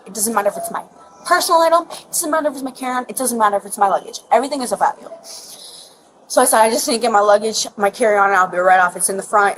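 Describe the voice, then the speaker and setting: A young woman agitatedly retelling events to police at an airport gate, rambling and repeating herself, filling her talk with "like", captured on a police bodycam. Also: medium pitch. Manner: rambling, repetitive, heated, says "like" a lot. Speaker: passenger giving her account to police. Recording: bodycam audio with loud airport noise.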